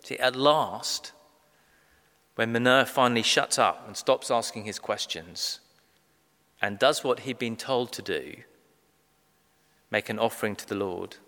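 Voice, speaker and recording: A man preaching a sermon, measured and emphatic, slowing down to stress key phrases. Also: lowish voice, pushed and bright. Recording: long reverb of a large hall.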